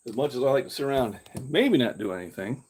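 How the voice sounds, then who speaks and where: An older man talks through a meandering live stream in a husky, slightly breathy voice. He speaks candidly, doubling back and restarting his sentences, and now and then mimics his own past reactions in a mocking tone. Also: mid-range voice, animated, fast, a little mellow. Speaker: fitness channel host. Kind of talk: rambling live-stream talk. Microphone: camera he carries himself.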